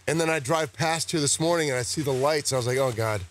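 A man's voice: a little high, steady tone, fast. A man, an actor, chatting casually as a guest on a talk show set, rambling and joking at his own expense. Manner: joking, rambling, self-deprecating. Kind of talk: casual interview chat. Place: broadcast set with cameras at a golf tournament.

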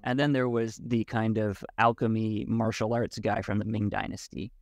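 A man as a podcast guest, talking in a thoughtful, halting way with many restarts. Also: lowish voice, level tone, dry recording, clean studio sound. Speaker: podcast guest, Wudang martial arts teacher. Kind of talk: casual conversation.

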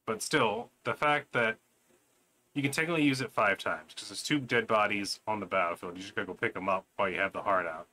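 A man's voice: lowish voice, a little fast. A man casually commenting on a game he just finished, rambling and self-mocking, with a sarcastic streak. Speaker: gameplay commentator. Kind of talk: casual let's-play commentary. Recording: loud guitar music behind.

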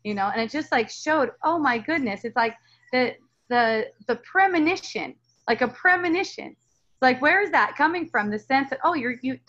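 A woman's voice: sits high, animated, moderate pace, fairly bright tone, dull audio. A woman talking as a spiritual teacher in a casual dialogue, earnest and rambling, with many restarts and fillers.

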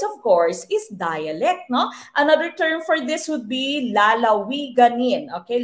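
A young adult woman with a Filipino accent teaches a live online exam review, switching between English and Tagalog and adding polite "po". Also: on the high side.

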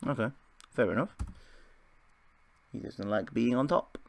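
A man's voice: mid-range voice, expressive, measured pace, creaky. A young man casually commentating his football management game, rambling and joking at his own expense. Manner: rambling, self-deprecating, chuckling asides. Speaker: gaming video host.

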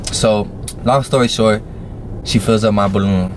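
A man's voice: lowish voice, steady tone, a little slow, a little hiss or hum. A young man casually telling a story to camera, slangy and profane, with plenty of fillers. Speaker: vlogger.

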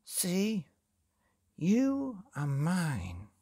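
A man's voice: sits high, huge pitch swings, measured pace, creaky, mellow, husky, pitched above the performer's own voice, exaggerated voice. A man reading a storybook aloud, voicing a proud, greedy man who demands that everything belong to him. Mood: domineering. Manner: boastful, demanding.

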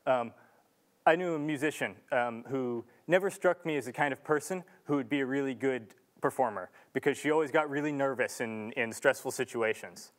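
A man's voice: medium pitch, normal speed. A young man giving an earnest, casual talk to an audience in a large lecture room, with restarts and filler ums. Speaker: student speaker.

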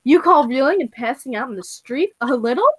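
A woman's voice: high-pitched, animated, a little fast, breathy edge, no room sound, rough recording. A teenage student actress reading a poised, firm rich girl over a video call. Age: teens. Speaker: student actor. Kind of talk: school play read over a video call.

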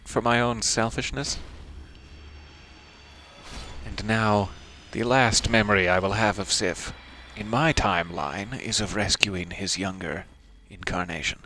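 A man playing through a video game, talking it over in a musing, wry, soft-spoken way. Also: fairly low pitch, unhurried, slight background noise. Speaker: game streamer. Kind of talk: let's play commentary.

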